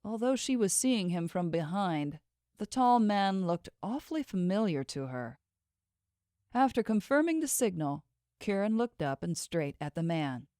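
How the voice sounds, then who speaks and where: A woman narrating a fantasy romance novel in a measured, expressive storytelling voice. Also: medium pitch, no room sound, studio quality. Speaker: audiobook narrator. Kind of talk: scripted narration.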